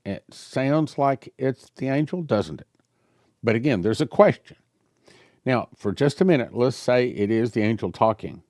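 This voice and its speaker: A male pastor reading a prophecy aloud to his congregation and commenting on it, growing louder on the quoted passages and musing in the asides. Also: medium pitch, unhurried, dry recording, studio quality. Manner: animated, rising loud when reading quotes, musing asides.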